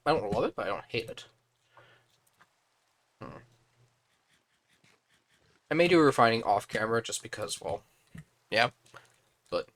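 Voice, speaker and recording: A young man streaming live, thinking aloud in a relaxed, casual way as he builds in a game. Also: mid-range voice.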